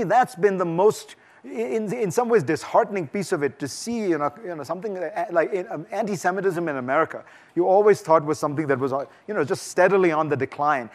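A man giving a conversational, emphatic festival talk and taking audience questions, often restarting his sentences. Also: high voice. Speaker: guest speaker. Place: lecture hall before an audience.

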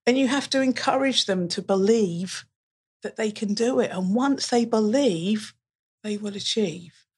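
Husky-voiced woman telling classroom stories. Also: mid-range voice, a little slow. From England. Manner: animated storytelling, acting out pupils' replies. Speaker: guest, college curriculum manager and teacher. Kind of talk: casual podcast conversation.

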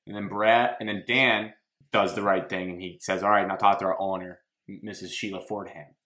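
A man hosting a casual sports talk show, telling stories in an animated way and laughing as he talks. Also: sits low, brisk. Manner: animated storytelling, laughs while talking. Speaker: podcast host.

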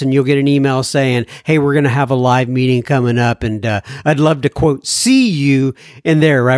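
A man's voice: medium pitch, no echo, clean studio sound. A man hosting a podcast, reading listener mail in a casual, jokey way and laughing at his own jokes. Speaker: podcast host.

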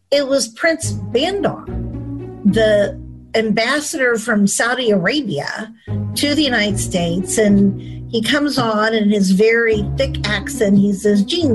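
A woman in an interview, telling a story in a lively way and acting out her phone calls. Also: medium pitch, rough recording. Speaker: former chief of staff recalling election night. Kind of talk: interview recollection. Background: music.

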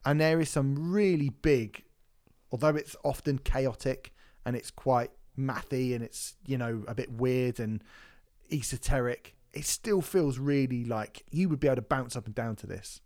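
A man's voice: medium pitch, moderate pace, darkish tone. A man co-hosting a casual music review chat. He is enthusiastic and sweary, and he trails off and restarts often. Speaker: podcast co-host reviewing an album.

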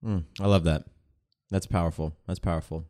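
A man hosts a podcast with a very low, dark voice, affirming his guest often. His delivery is relaxed and encouraging. The sound is dry. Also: brisk, no room sound. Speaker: podcast host. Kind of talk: casual interview chat.

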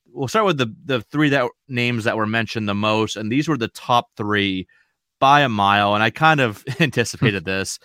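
Bright crisp New England man. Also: fairly low pitch, moderate pace, dry recording, studio quality. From Maine. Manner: chatty, relaxed, rambling with fillers. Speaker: podcast host. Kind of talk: casual podcast chat.

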